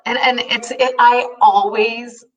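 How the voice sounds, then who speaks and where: A woman in her fifties co-hosts a casual chat, her voice on the high side and slow, telling animated stories full of laughter and acted-out quotes. The recording is distant and dull, with faint music in the background.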